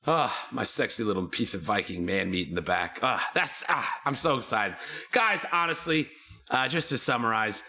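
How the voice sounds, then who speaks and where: A man with an excitable, emotional manner who swears often, chatting casually as game master on a live stream. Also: lowish voice, normal speed.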